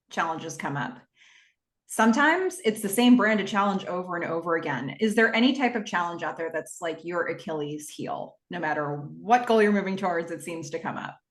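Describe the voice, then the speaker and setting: A woman's voice: on the low side, normal speed, fairly bright tone, reverberant. A woman hosting a casual interview, laughing often and summing up her guest's points thoughtfully. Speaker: interview host.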